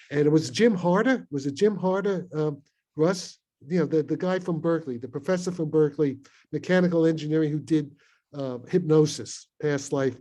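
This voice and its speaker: An older man in his eighties from Brooklyn, his voice mellow and soft-edged, spins a long story on a video call. He rambles and digresses, piles up fillers and restarts, and chuckles between his points. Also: mid-range voice. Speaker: panel guest, physicist.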